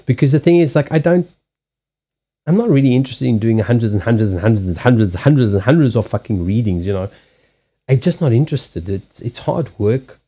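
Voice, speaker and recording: A man with a Southern African accent, a native Portuguese speaker, hosting a casual livestream chat, animated and freely swearing. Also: mid-range voice, fairly quick, muffled recording. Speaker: card reader and livestream host. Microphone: USB headset mic.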